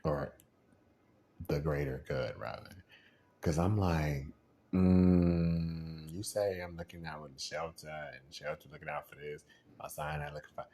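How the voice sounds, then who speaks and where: In a rambling, frustrated monologue, a man with a very deep voice vents at normal speed. He performs the voices of those he quotes, stays animated and laughs a lot.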